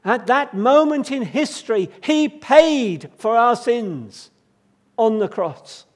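Male preacher with a high voice, delivering a sermon with emphatic repetition and swings between quiet and fervent. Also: sing-song, slow.

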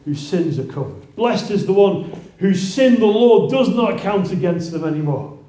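Higher-voiced man preaching in an echoey church. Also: lively intonation, normal speed, warm tone. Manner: conversational, with many restarts and rising exclaims. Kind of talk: sermon. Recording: roomy echo.

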